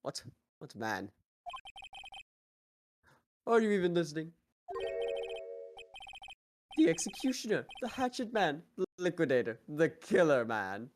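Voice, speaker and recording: A man's voice: fairly high pitch, sing-song, unhurried, pauses often, music in the background. A man voicing a pompous, smug villainous businessman with a put-on British accent, in a fan voice-over of a game. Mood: grandiose. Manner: grandiose, smug, theatrical.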